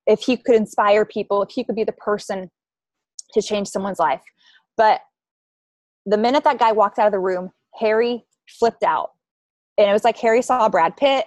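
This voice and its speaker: A woman's voice: mid-range voice, no echo. A young adult woman coaching her team on a call, telling a story in a chatty way and acting out the voices she quotes. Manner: chatty, acts out quoted voices, many likes and ums.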